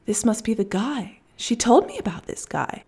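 A woman voicing an excitable, gossipy South African woman with a South African accent, who keeps repeating herself. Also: a little high, normal speed, husky, heavily acted. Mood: excited. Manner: breathless, repeating herself, rising exclamations.

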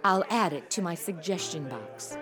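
A woman's voice: lowish voice, animated, normal speed, fairly bright tone, soft background music. A woman acting a wisecracking sidekick in a comedic audio drama, full of sarcastic quips. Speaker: reporter's sidekick.

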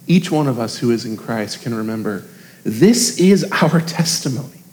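A man's voice: a little high, a little mellow. A man in his thirties, a pastor preaching a sermon in an earnest, confessional, conversational way, speaking directly to his congregation.

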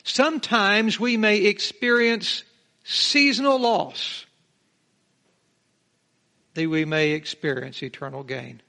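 A man's voice: sits high, steady tone, unhurried, creaky, few pauses, bright, forceful tone. A middle-aged male pastor teaching a Bible passage verse by verse, emphatic, drawing out key words and asking the congregation rhetorical questions.

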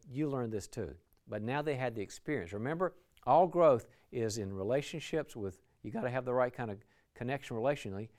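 A man's voice: mid-range voice, a little mellow. Enthusiastic man giving a lecture. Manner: enthusiastic, acts out short dialogues. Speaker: leadership speaker. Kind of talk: lecture on team relationships. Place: lecture venue.

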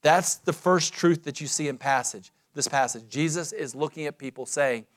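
A man preaching a sermon as pastor, emphatic and dramatic, slowing to stress key phrases. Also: a little high.

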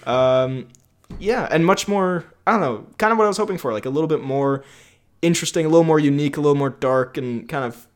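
A man's voice: a little high, quick pace. A young man co-hosting a podcast in casual chat, rambling and jokey, laughing often. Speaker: podcast co-host.

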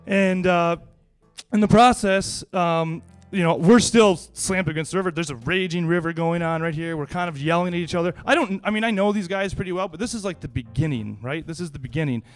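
Man with a high, smooth voice, casual anecdote, lively and laughing, faint music behind. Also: brisk. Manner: lively, laughs often, many restarts. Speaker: storyteller.

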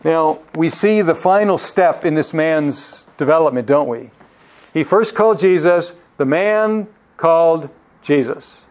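A man's voice: on the high side, expressive, measured pace, a little mellow. A man preaching a sermon, reading scripture aloud with emphasis and putting questions to his listeners. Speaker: pastor.

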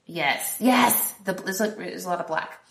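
A woman co-hosting a podcast, recapping a film in casual chat, quoting characters in quick voices and laughing often. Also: on the low side, gravelly, fairly bright tone, reverberant. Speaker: podcast co-host.

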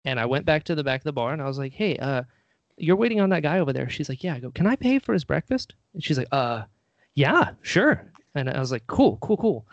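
A man chats casually and tells a story with lots of animation, putting on little voices for the people in it. His voice is mid-pitched and the sound is dry and close. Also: fast talker, no room sound, dull audio. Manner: animated storyteller acting out quotes.

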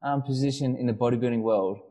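A man's voice: medium pitch, steady tone, quick pace, mellow, rough recording. A man co-hosting a casual podcast, telling a long story with many restarts and fillers. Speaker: podcast co-host. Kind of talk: casual chat.

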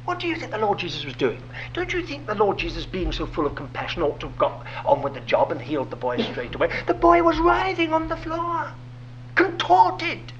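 Man, preacher, sermon, widely swinging pitch, rhetorical questions, dull recording with a faint hum. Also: fairly quick. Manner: animated, asks rhetorical questions, drops to a whisper for emphasis.

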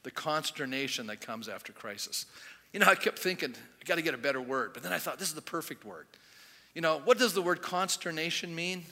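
Animated male pastor in a reverberant hall. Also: fairly high pitch, a little fast. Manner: animated storytelling, acting out quoted voices. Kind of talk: sermon.

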